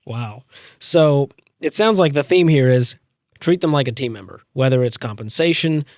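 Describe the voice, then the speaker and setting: A man's voice: mid-range voice, lively intonation, normal speed, a little mellow, no echo, studio quality. A man hosting an interview, affirming the guest and steering with short questions. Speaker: interview host.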